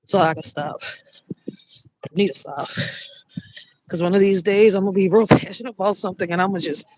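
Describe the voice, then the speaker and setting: A woman talks into her phone on a livestream while walking outdoors on a city street. Her pitch sits mid-range for a woman, and the sound is dry and close. She is loose, profane and chatty, talking straight to her viewers. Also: a little fast, darkish tone, no echo, low-quality recording. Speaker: single mother livestreaming to viewers.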